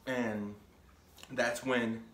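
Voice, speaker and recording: A man's voice: mid-range voice, level tone, very slow, a bit bright, echoey room, a little hiss or hum. A young man telling a casual story on his vlog, rambling with lots of filler words and restarts. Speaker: vlogger.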